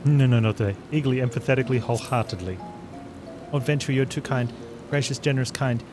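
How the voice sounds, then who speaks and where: A man voicing a nervous little kobold creature that repeats every phrase with three synonyms, reading game dialogue over loud game music. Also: mid-range voice, fast, natural voice. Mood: pleading.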